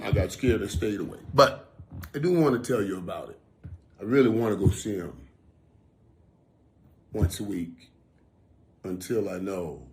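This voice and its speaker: A man's voice: fairly low pitch, darkish tone. Emphatic man telling a heartfelt story. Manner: emphatic, repeats phrases for weight. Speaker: former football player.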